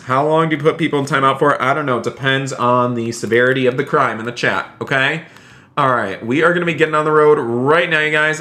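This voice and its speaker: Upbeat guy streaming a roblox roleplay, bright voice, keys clacking behind him. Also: medium pitch. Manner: upbeat, chatty, addresses chat often. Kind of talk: live game stream commentary.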